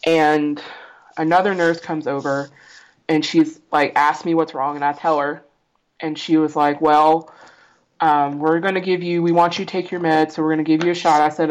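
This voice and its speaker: A woman's voice: low-pitched, flat delivery, normal speed, rough recording. A woman guest on a podcast, telling a personal story in a blunt, profane way, often laughing and acting out what others said.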